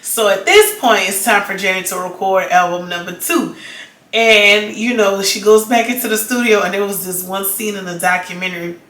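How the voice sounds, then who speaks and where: A woman's voice: mid-range voice, fairly even intonation, normal speed, fairly bright tone, reverberant. A woman vlogger chatting casually in a rambling way, full of "like" and restarts. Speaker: vlogger reviewing a documentary. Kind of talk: casual chat.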